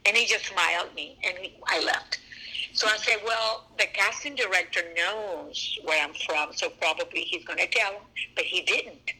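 Older Cuban actress, Spanish native, strong accent, animated storyteller, crisp bright tone, casual interview guest. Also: female voice, on the low side, moderate pace, low-quality recording. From Cuba.

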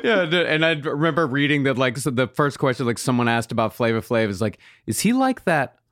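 A woman co-hosting a casual podcast, reacting with quick laughs and casual swearing. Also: rumbling low. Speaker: podcast co-host. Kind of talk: casual chat.

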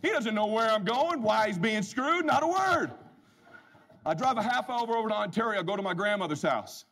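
Male motivational speaker, high-pitched and animated, telling a funny personal story with emphatic bursts. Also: moderate pace. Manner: animated, emphatic, swings loud and soft.

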